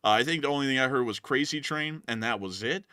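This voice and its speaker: A man's voice: mid-range voice, fast talker, sharp tone, smooth, no echo, clean studio sound. A young man co-hosting a live news stream, upbeat and chatty as he thanks supporters, laughing often. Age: young adult. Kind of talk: live-stream super chat thank-yous.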